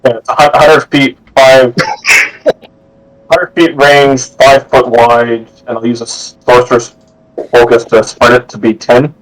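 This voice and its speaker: A man playing a tabletop game over a video call, walking through his spell and its rules in a deliberate, step-by-step way. His voice sits in an ordinary middle register. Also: medium pitch, little pitch movement, low-quality recording. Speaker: player. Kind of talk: casual tabletop game play.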